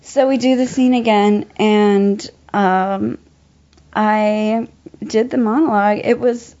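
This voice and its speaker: A woman's voice: mid-range voice, slow pace. Laughing woman telling a story, lo-fi. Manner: animated storyteller, laughs often, many fillers. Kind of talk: casual chat. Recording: dull lo-fi sound.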